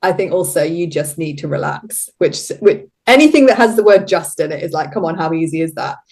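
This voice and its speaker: A woman's voice: deep voice, expressive, fairly quick, darkish tone. A middle-aged woman, a guest on a podcast, talking reflectively and casually, laughing often. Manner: reflective, laughs often, quotes herself in little voices. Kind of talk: casual interview chat.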